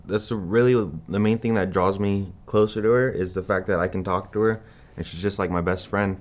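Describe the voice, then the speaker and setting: A young adult man in a studio interview, talking in an easygoing way and laughing along. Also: lowish voice. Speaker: groom-to-be in an interview. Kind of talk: casual interview chat. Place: video studio.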